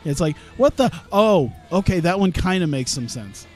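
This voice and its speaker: A man with a slightly higher-than-average voice rambles through casual commentary on his own gameplay. He often breaks off mid-sentence and chuckles at his own ideas. Soft music plays faintly under his talk. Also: sing-song, moderate pace. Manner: rambling, self-interrupting, laughs at own jokes. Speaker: gaming streamer.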